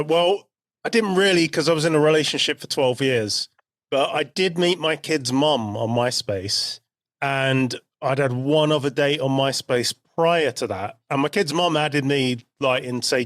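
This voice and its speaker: Man, forties, podcast co-host, relaxed chatty storytelling, dry close recording. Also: medium pitch, unhurried, no echo. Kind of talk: casual chat.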